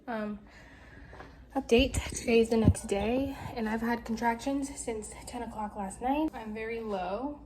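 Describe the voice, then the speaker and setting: Her voice is fairly high and her pace measured, with background noise around her. A heavily pregnant young vlogger, she talks bluntly to her phone camera in a casual video diary, swearing and speaking through tears and the pain of labor, first at home and later at a hospital.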